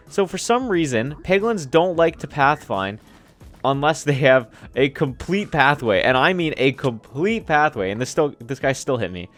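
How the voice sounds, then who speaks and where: A young man giving casual, chatty commentary over his own gameplay, rambling with restarts and self-deprecating asides. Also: mid-range voice. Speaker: gaming YouTuber. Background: faint background music.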